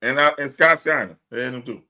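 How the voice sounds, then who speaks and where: Man, podcast co-host, casual chat, laughs a lot, bright voice. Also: medium pitch, fast. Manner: laughs often, animated storytelling.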